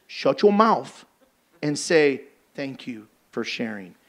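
A man's voice: sits high, fairly bright tone. A man preaching a sermon in a blunt, emphatic, exhorting way.

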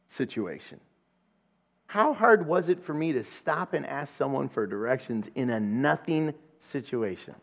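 A man preaching a sermon, telling a funny personal story in an animated way and acting out the voices of the people in it. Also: fairly high pitch, gravelly. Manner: animated storyteller, acts out voices and laughs at his own jokes. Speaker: pastor.

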